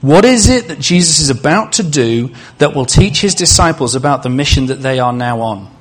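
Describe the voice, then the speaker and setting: A man's voice: fairly high pitch, expressive, normal speed, husky. A male preacher giving a sermon in a conversational way, asking the congregation questions and adding humorous asides.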